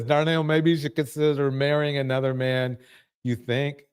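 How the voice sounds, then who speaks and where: A man's voice: medium pitch, steady tone, normal speed, clear, resonant tone. A man hosting a live talk stream, asking his panel pointed questions. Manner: probing, asks pointed questions.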